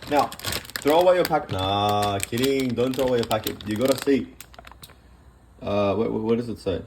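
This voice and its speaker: A man's voice: medium pitch, moderate pace. A man talks a viewer through cooking in a home kitchen, his voice sitting in the middle range. His delivery is loose, jokey and self-deprecating, and faint background noise runs under his speech. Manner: joking, rambling, self-deprecating. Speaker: cooking vlogger. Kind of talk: casual cooking demonstration.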